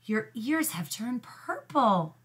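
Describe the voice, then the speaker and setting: A woman reading a storybook aloud, voicing a calm, clever, good-natured female friend with a gentle, polite way of talking. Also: fairly high pitch, slow.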